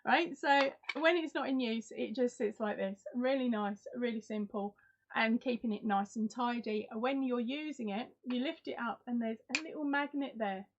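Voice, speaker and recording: A woman's voice: a little high, moderate pace, muffled recording, slight background noise. A woman hosting a live crafting stream in casual chat, reading out and answering viewers' comments. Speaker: host.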